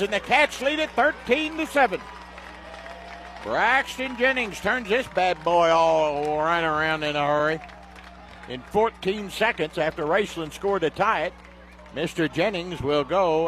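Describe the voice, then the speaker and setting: Male play-by-play announcer, higher voice, excitable radio football caller. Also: measured pace, a faint crowd, slight background noise. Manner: excitable, shouts on big plays.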